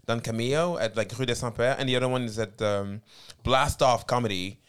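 A man's voice: mid-range voice, a little fast, smooth. A man guesting as a comedian, talking in a laid-back, offhand way and swearing casually. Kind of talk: casual chat.

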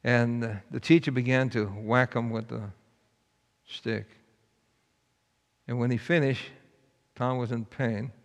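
A man's voice: medium pitch, fairly even intonation, slow pace, pauses often. A man preaching a sermon, telling a story in a folksy, earnest way. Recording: long hall reverb.

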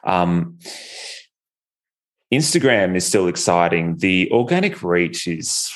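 A man with an Australian accent that drifts between posh and rough Newcastle, hosting a podcast in a relaxed, joking, blunt way. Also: deep voice, slow pace. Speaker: podcast host, law firm marketing specialist. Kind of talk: casual podcast chat.

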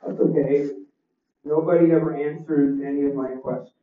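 A man doing a deadpan stand-up set with one-liners and crowd chat, his voice a little crackly, on a small club stage. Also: on the high side, normal speed. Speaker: stand-up comedian. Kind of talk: open mic stand-up set. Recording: roomy, distant, dull club recording.

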